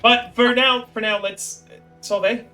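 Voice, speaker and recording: Bright, teasing man running the game. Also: extremely high pitch, soft background music. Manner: teasing, animated, quick to laugh. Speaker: game master and streamer. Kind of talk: casual tabletop game mastering on stream.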